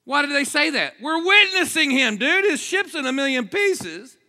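A man preaching an energetic sermon, joking with the crowd and swinging between low asides and shouted exclamations. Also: moderate pace. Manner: jokey, asks the crowd for responses.

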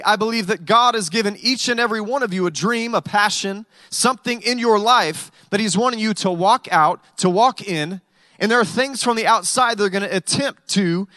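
A man's voice: sits high, a bit bright, no echo. A male pastor preaching a sermon in a conversational way, with humorous stories.

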